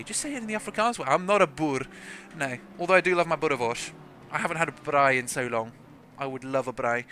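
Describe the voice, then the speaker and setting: A young man from South Africa with a South African accent softened by British English, giving rambling, jokey commentary on a sim racing livestream. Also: fairly high pitch, slight background noise. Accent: South African with some British English. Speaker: race commentator.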